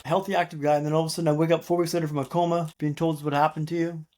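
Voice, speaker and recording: A man in his thirties, a podcast guest telling his recovery story dramatically, with repeated refrains and pauses. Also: fairly high pitch, little pitch movement, a little mellow. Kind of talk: storytelling interview.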